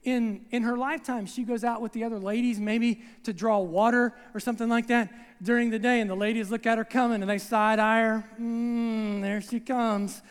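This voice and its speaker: A preacher delivering a sermon in a relaxed, storytelling way, often checking in with the listeners. The recording comes from a church sanctuary and carries a long reverb tail. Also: medium pitch, brisk, hardly any pauses, clean tone. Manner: conversational, acts out scenes, repeats "right?".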